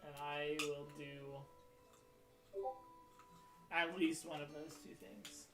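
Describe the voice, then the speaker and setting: A man in a tabletop game speaking earnestly and haltingly in character. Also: a little high, fairly even intonation, echoey room, over music, rough recording. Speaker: player.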